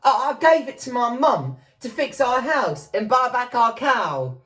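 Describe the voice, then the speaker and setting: A woman voicing a small, eager boy in a storybook, speaking quick and high with a stammer. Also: sing-song, a bit bright.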